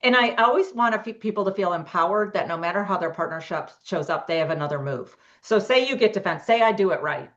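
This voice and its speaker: A woman's voice: mid-range voice, lively intonation, quick pace, few pauses, lo-fi sound. A middle-aged woman, a couples therapist, giving advice in a podcast interview and acting out sample dialogues. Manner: explains with acted example dialogues.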